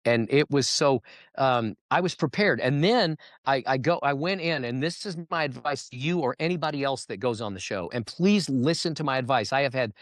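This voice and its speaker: A man talking as a guest in a casual interview, telling animated stories and slipping into little character voices. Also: mid-range voice, normal speed, dry recording, studio quality. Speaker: guest entertainer.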